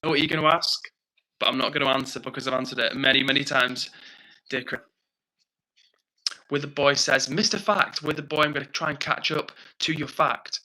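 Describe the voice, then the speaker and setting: A man's voice: mid-range voice, bright, forceful tone, low-quality recording. Upbeat British man hosting a livestream. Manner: upbeat and chatty, thanking viewers and reading comments aloud. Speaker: livestream host. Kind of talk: casual chat reading out live comments.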